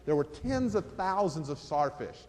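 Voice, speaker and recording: Male motivational speaker with a high voice, storytelling and emphatic, in a reverberant hall. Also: moderate pace. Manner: animated, repeats phrases for emphasis.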